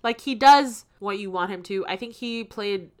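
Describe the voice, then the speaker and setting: An animated woman co-hosting a casual film podcast. She retells scenes loosely, slipping into playful mock voices for the characters. Her voice sits in an ordinary middle pitch. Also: normal speed. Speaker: podcast co-host. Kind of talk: casual chat recapping a film.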